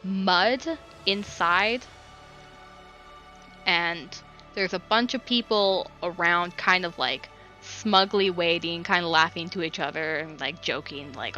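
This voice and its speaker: A woman's voice: on the low side, fairly even intonation, slow, bright, forceful tone, highs cut off, soft background music. A woman narrating a tabletop game as game master, rambling with lots of fillers. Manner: rambling, filler-heavy description.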